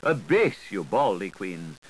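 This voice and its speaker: A man's voice: low voice, very animated, slow, slightly rough, pitched below the performer's own voice, full character voice, low-quality recording. A man voicing a pompous male pontiff creature who bellows and blusters his commands. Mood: blustering.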